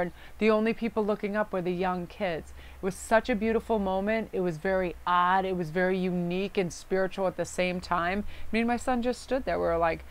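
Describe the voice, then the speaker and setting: A woman gives a casual tarot reading to her viewers, chatty and effusive. Her voice is smooth and clear at an ordinary middle pitch. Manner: effusive, chatty, reads card texts aloud. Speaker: tarot card reader. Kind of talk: casual spiritual card reading.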